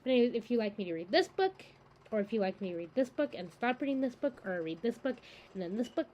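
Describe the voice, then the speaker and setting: A woman's voice: fairly high pitch, very animated, quick pace, a little mellow, muffled recording. A woman hosting a book-reading channel, chatting casually to camera in a rambling, enthusiastic way with lots of fillers.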